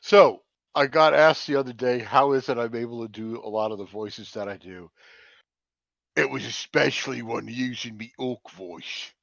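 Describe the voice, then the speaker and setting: A man with a gravelly, bright-edged voice jokes and swears casually while playing a tabletop game. His recording is dry and a little dull. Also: mid-range voice, normal speed, no echo. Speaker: player.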